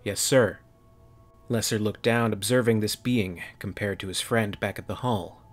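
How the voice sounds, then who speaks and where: Brief: male narrator, low voice, measured dramatic reading. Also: fairly even intonation, faint music behind. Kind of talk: sci-fi story narration.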